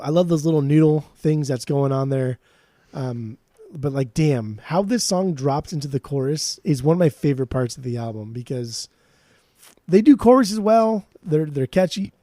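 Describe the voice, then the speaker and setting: A man's voice: on the high side, dark tone, no echo, clean studio sound. A man co-hosting a podcast, talking in a rambling, profane, ranting way. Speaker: podcast co-host. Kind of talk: casual podcast chat.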